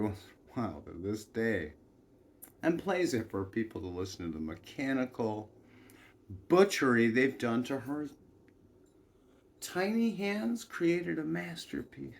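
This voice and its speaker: A man's voice: mid-range voice, vocal fry, slight background noise. A man telling a meandering personal story in a folksy style, with asides and chuckles.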